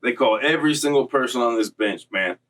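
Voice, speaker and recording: A young man casually recounting a story in street slang, animated and full of acted-out quotes, from Florida. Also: medium pitch, fairly quick, far from the mic, a little hiss or hum. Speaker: storyteller recounting prison time.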